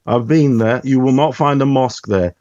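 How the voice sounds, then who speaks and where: A man's voice: mid-range voice, normal speed, darkish tone, no room sound, highs cut off. A man giving brash, rambling opinions in a casual voice-chat, swearing freely. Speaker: podcast guest.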